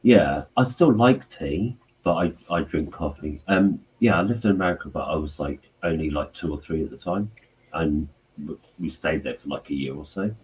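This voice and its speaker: Very deep-voiced rambling man. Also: darkish tone, a little hiss or hum, low-quality recording. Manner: rambling, halting, full of fillers. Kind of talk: casual chat.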